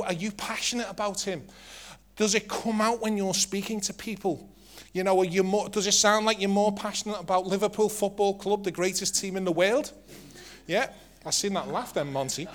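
A middle-aged man with an English accent preaching a sermon to his church in a lively, joking, conversational way. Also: high-pitched.

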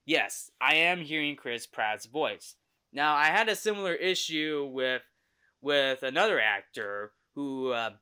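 Bright-voiced chatty man reviewing trailers. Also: a little high, smooth. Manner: chatty, self-correcting, laughs easily. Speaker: podcast host reviewing movie trailers. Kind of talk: casual spoken review.

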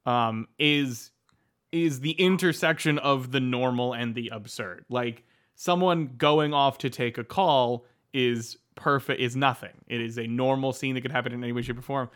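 A man's voice: medium pitch, normal speed, fairly bright tone. A man co-hosting a film podcast, enthusiastically breaking down why the comedy works. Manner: enthusiastic, analytical about comedy. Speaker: podcast co-host. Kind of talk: casual chat.

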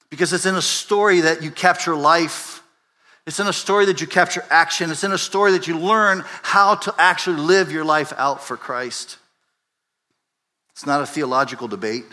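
A man preaching a sermon as pastor, conversational and animated, swinging from loud emphasis to quiet asides and often asking "right?". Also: fairly high pitch. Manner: conversational, repeats words and asks "right?".

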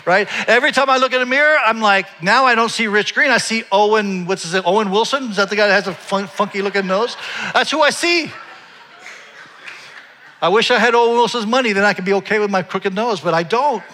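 Bright-voiced man preaching in a hall. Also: high-pitched. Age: 40s. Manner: storytelling, conversational, swings from soft to loud and animated. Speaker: pastor. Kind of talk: sermon.

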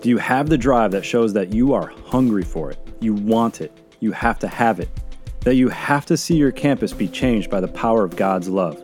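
A man giving a scripted, measured podcast introduction with dramatic emphasis. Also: lowish voice, lively intonation, darkish tone, soft background music. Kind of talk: scripted narration.

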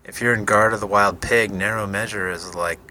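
A man on a podcast chatting casually in a lively, joking manner. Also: lowish voice, brisk, crowd noise, low-quality recording. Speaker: podcast co-host.

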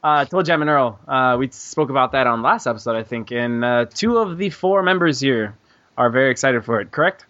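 A man hosting a casual gaming podcast, excitable, swearing and laughing often. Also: mid-range voice, a little fast, dull audio. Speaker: podcast host.

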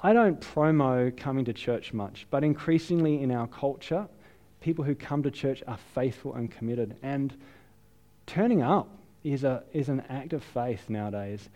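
An Australian man preaching a sermon, telling a self-deprecating story in a lively, chatty way. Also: mid-range voice, moderate pace. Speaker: pastor. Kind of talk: sermon with personal anecdote.

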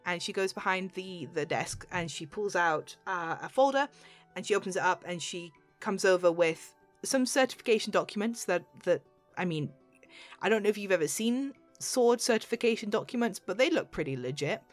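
Woman, game master, casual rambling narration, mid pitch, faint music. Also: lively intonation, normal speed. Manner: rambling, many fillers and restarts, laughs easily.

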